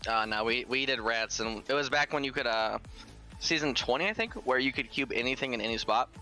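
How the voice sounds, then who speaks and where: A man's voice: medium pitch, a little fast, pushed and bright, soft background music. A man chatting casually in gaming voice chat, blunt and joking, swearing offhand.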